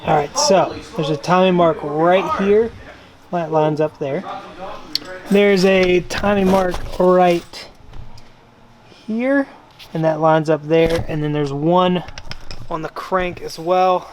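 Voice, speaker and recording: A young man hosting a casual shop vlog, explaining engine work in a relaxed way with fillers. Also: fairly high pitch, takes it slowly, slight background noise. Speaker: car mechanic host. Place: car workshop. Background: music.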